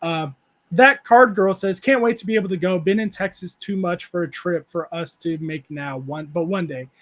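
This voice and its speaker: A man with a fairly high voice hosts a relaxed livestream chat show. He reads out viewer comments and drifts into loose, rambling stories. He laughs often and fills his talk with "uh" and "like". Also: normal speed. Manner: rambling storyteller, laughs often, many fillers. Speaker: show host reading chat.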